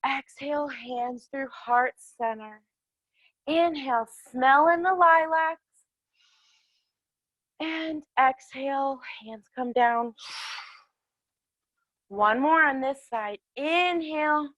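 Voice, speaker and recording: High-voiced, slow, cheery kids yoga teacher. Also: female voice, a bit bright, no echo, highs cut off. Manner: cheerful, encouraging, sing-song cues to children. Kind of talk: guided kids yoga class. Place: outdoors in a yard.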